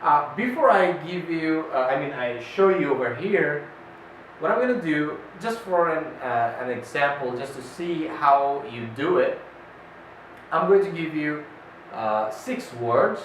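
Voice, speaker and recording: A man teaching a classroom pronunciation lesson, speaking deliberately, pausing with "uh" and repeating each model word. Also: a little high, lively intonation, a bit bright. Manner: slow, deliberate, with many "uh" pauses and repeated model words. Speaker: English teacher. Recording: echoey room, voice far from the mic, faint noise.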